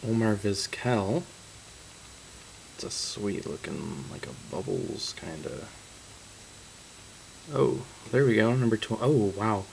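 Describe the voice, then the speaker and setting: A man's voice: lowish voice, lively intonation, takes it slowly, creaky, long pauses, a little mellow, slight background noise, rough recording. A man opening trading card boxes on camera, reading out card names and breaking into stunned exclamations. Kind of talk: casual card-break commentary.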